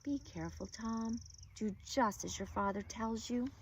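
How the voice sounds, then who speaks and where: A woman's voice: on the high side, measured pace, slight background noise. A woman voicing a tiny mother fretting over her son, reading a children's story aloud. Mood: anxious.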